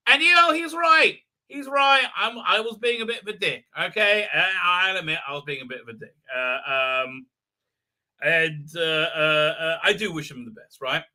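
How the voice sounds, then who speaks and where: A man's voice: sits high, bright, forceful tone. A middle-aged man hosting a casual livestream, rambling with many fillers and restarts. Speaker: livestream host.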